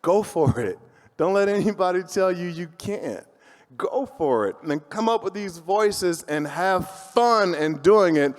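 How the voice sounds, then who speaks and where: Animated man in an echoey hall. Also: sits high, measured pace. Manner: animated, motivational, jokey. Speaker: voice actor on a panel. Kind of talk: convention panel storytelling. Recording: roomy hall reverb.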